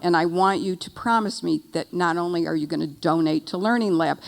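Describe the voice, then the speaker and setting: An older woman giving a keynote speech, telling a humorous story in a wry, animated way. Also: on the low side, fairly quick, vocal fry. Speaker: keynote speaker. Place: event stage.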